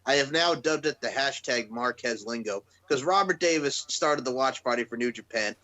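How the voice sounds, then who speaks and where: A man's voice: medium pitch, moderate pace, bright, forceful tone. A man co-hosting a podcast, chatty and rambling in casual talk. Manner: chatty, rambling, laughing asides. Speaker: podcast co-host. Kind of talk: casual wrestling chat.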